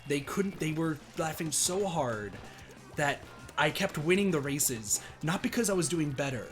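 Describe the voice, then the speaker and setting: A hoarse man streaming a game, telling a story in a rambling, animated way with many restarts. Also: a little high, a little slow, soft background music. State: hoarse, strained voice.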